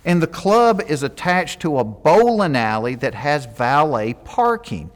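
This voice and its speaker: A man's voice: a little high, sing-song, measured pace, long reverb tail. A man with a Southern US accent from Georgia tells jokey stories in an interview and acts out the quotes. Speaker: comedian. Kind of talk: interview storytelling.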